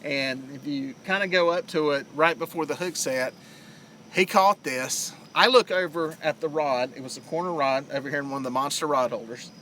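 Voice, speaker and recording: A man's voice: fairly high pitch, moderate pace, bright, forceful tone, a little hiss or hum. A middle-aged man with a Southern US accent, chatting casually to viewers on a live fishing stream outdoors by a lake, rambling with plenty of fillers. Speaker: fishing livestream host.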